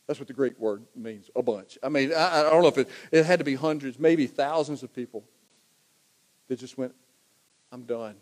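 A man's voice: medium pitch, moderate pace, long pauses. A man preaching a sermon, talking conversationally and building to emphatic repetition. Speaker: pastor.

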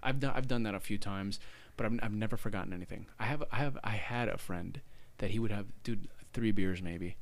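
A man's voice: on the low side, fairly quick. A young man co-hosting a podcast, telling stories in casual chat with plenty of swearing. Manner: animated storyteller, swears freely. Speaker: podcast co-host.

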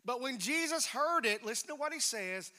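A man preaching a sermon, emphatic, swinging between loud declarations and hushed near-whispers. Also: very high voice, lively intonation, moderate pace. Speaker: pastor. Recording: reverberant hall.

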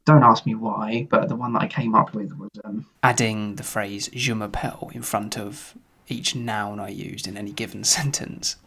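A man co-hosting a podcast in casual chat, wry and rambling, with a husky voice and a recording that turns muffled at times. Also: on the low side, steady tone, moderate pace, bright, forceful tone. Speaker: podcast co-host. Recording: muffled at times from tech problems.

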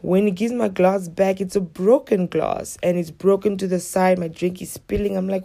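Woman ranting to camera, gravelly and warm, lots of swearing. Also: on the low side, moderate pace, hardly any pauses. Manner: blunt, heavy swearing, animated retelling. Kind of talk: casual storytelling rant to camera.

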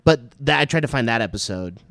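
A man's voice: medium pitch, lively intonation, quick pace, creaky, fairly bright tone, dry recording, studio quality. A man in his late twenties from North Texas, hosting a casual podcast and telling crude, rambling stories full of filler words. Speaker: podcast host.

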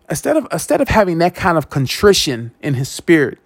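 A man's voice: on the high side, a little fast, hardly any pauses, no echo, studio quality. A man hosting a show, telling a personal story in a monologue, repeating words and acting out what others said. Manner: animated, repeats words, acts out quoted speech. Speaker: podcast host.

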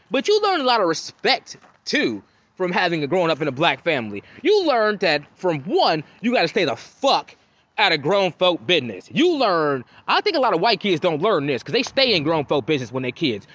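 A man in his thirties from Cincinnati, telling profane, animated stories on his podcast and acting out quotes. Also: high voice, muffled recording. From Cincinnati, Ohio. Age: 30s. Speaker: podcast host. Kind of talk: casual storytelling monologue.

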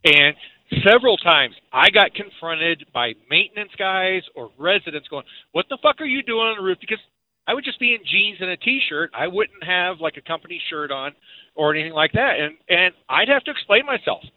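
A man calling into a radio show, telling a story in a steady, earnest way. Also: high voice, moderate pace, no room sound. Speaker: caller. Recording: tinny phone line.

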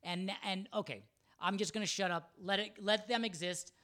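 A man's voice: high-pitched, steady tone, normal speed, pushed and bright. Frank questioning man in casual chat. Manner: frank, questioning, swears freely.

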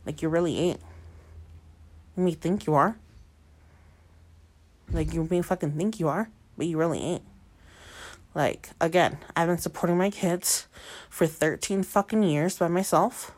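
A defiant woman in her late twenties rants about her life, swearing heavily and circling back to the same points. Her voice sits a bit low, and she drops into Spanish mid-sentence now and then. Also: unhurried, long pauses. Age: 20s. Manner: heavy swearing, defiant, repeats herself; switches between English and Spanish. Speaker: single mother. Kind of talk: venting monologue to camera.

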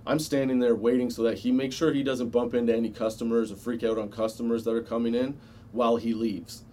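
A man's voice: medium pitch, level tone, brisk, warm tone, slight background noise. A man telling a casual personal anecdote, swearing freely and chuckling often as he goes. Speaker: storyteller.

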